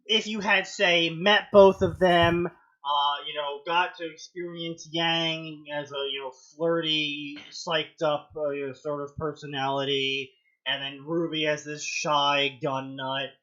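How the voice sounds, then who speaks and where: A man hosts a fanfiction reading show, reading passages aloud with mocking commentary and acting out quoted lines in loud, high-pitched bursts. His tone stays steady and he takes his time, and the audio sounds dull.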